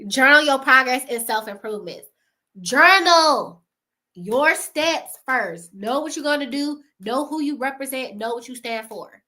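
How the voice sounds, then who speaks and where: A woman's voice: high-pitched, moderate pace, hardly any pauses, pushed and bright. A woman, chatting casually to camera, giving motivational advice to creators, often laughing and calling her viewers y'all.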